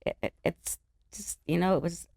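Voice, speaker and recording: A middle-aged woman from the Los Angeles area, an interview guest telling stories in an animated, laughing way. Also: on the low side, moderate pace, creaky, no room sound, studio quality. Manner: animated, laughing, acts out other people's voices. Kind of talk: casual storytelling chat.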